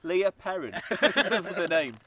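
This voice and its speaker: A man's voice: sits high, expressive, measured pace, sharp tone. A man hosting a comedy podcast quest outdoors, bossing and teasing his co-hosts with swearing. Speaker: podcast host, quest master. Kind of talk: comedic improvised banter. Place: outdoors in a forest.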